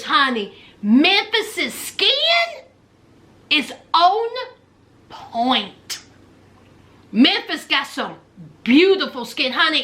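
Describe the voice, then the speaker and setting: A Southern woman hosting a casual reality TV recap, her voice very high and swinging widely in pitch. She tells the story with sass, teasing and throwing playful shade. Her tone is bright and sharp. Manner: sassy, animated storytelling with playful trash talk.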